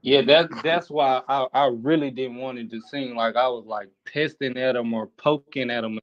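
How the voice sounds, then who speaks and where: A man's voice: medium pitch, fairly even intonation, normal speed, highs cut off. A man in a debate, speaking carefully and hesitantly, often restarting his sentences. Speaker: debate participant. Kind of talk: debate, calm and hedging.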